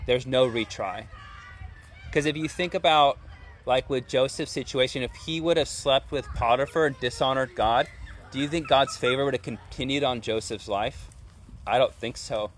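A man speaks at medium pitch and a normal pace, preaching in an easygoing, conversational style. He often asks his audience questions he doesn't expect them to answer.

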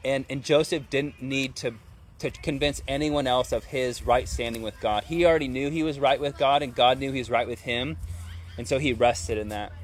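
A man's voice: medium pitch, steady tone, moderate pace. A man preaching a sermon in a conversational way, often asking his listeners rhetorical questions.

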